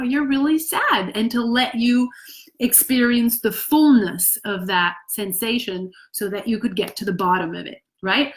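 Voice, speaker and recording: Woman acting coach, mid-pitched voice, calm and reflective, pauses often. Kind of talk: teaching to camera.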